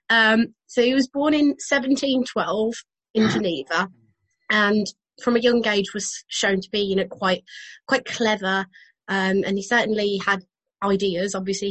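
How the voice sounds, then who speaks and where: A woman's voice: mid-range voice, slightly rough, poor audio. Giggly woman telling a story. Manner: giggly, amused while reading aloud. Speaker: podcast co-host. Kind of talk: casual storytelling chat.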